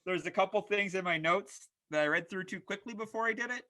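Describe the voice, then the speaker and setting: Man, wrestling play-by-play host, high voice, energetic, shouts at big moments. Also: fairly quick. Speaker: host narrating a fantasy wrestling show. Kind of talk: excited play-by-play narration.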